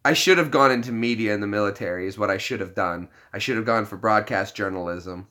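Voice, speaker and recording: A man with a lowish voice, pushed and bright, talks quickly to viewers on a live stream. He rambles, restarts amid plenty of fillers, and pokes fun at himself with frequent laughter.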